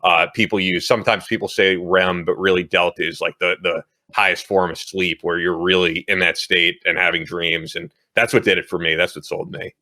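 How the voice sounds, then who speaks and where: A man's voice: deep voice, flat delivery, normal speed, hardly any pauses, pushed and bright. A man hosting a podcast in casual chat, easygoing, laughing often and filling his talk with "like". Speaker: podcast host. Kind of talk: casual chat and host-read ad.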